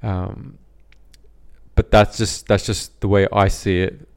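A man's voice: lowish voice, level tone, slow, vocal fry. A young Australian man co-hosting a podcast, chatting casually and reflectively, often repeating himself as he thinks. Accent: neutral Australian. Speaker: podcast co-host. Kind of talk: casual chat.

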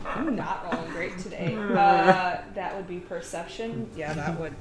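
A woman's voice: lowish voice, a little slow, roomy sound. A woman playing at a tabletop game, chatting playfully with laughter. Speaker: player. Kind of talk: casual chat at a game table.

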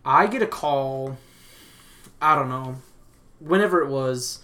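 A young man on a podcast, spinning a long story in loose, profane talk. He jumps into the voices of the people in the story as he goes. His voice sits at an ordinary middle pitch. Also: slow, a little hiss or hum. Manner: profane, animated, acts out both sides of phone calls. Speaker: podcast host. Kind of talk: casual storytelling chat.

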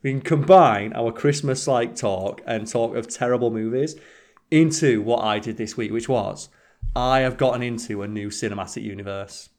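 A man co-hosting a casual podcast, telling rambling anecdotes and swearing freely. His voice sits at a middling pitch for a man, and he slips into quick impressions of the people he talks about. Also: darkish tone. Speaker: podcast co-host. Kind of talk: casual chat.

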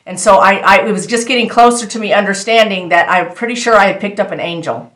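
A woman's voice: mid-range voice, fast talker, echoey room. Earnest woman sharing a faith testimony. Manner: earnest, animated storytelling that addresses viewers directly. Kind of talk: casual spoken testimony.

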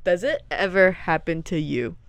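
A woman's voice: on the low side, normal speed, gravelly, no echo. A young woman co-hosting a podcast, rambling and self-deprecating in casual chat. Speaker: podcast co-host.

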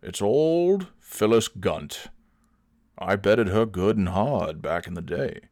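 A man voicing a lecherous, dimwitted older small-town man who exclaims excitedly. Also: fairly low pitch, takes it slowly, no echo.

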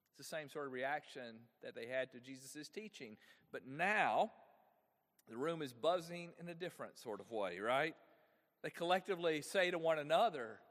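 A man's voice: a little high, expressive, moderate pace, fairly bright tone. A man preaching a sermon as pastor, with rhetorical questions to the congregation. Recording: long echo of a large hall.

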